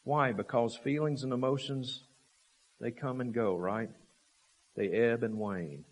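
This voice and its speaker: At a measured pace, a man delivers a sermon packed with rhetorical questions and repeated phrases. His emphatic preaching rises to forceful peaks, then drops low and quiet.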